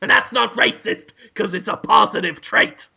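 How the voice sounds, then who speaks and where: A man's voice: high-pitched, normal speed, creaky, pushed and bright, husky, full character voice. A man voicing a smug, knowing male pet store owner who talks like an old sage.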